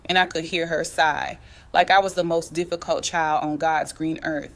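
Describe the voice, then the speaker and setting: A woman's voice: low-pitched, fairly even intonation, normal speed, fairly bright tone. A woman in her thirties telling a personal family story in the first person, slangy and confiding, speaking straight to the listener. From United States.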